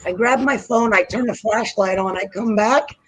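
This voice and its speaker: A woman hosting a casual late-night podcast chat. Her voice has a faintly husky edge, and she tells stories loosely, with frequent laughter and cursing. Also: mid-range voice, moderate pace, low-quality recording. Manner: profane, laughing storyteller. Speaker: podcast host.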